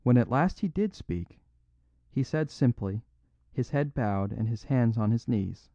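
A man narrating a classic story in a measured, even storytelling voice, in a dry, dull recording. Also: medium pitch, no echo. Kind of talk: audiobook narration.

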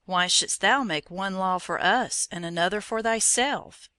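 A woman's voice: unhurried, bright, forceful tone, no room sound. A woman voicing a growling angry crowd. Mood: threatening. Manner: low, threatening.

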